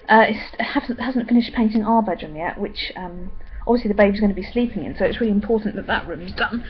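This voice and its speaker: Young woman rambling on with lots of ums, muffled lo-fi sound. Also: a little high. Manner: chatty, rambling, many ums. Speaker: vlogger. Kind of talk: casual pregnancy update vlog.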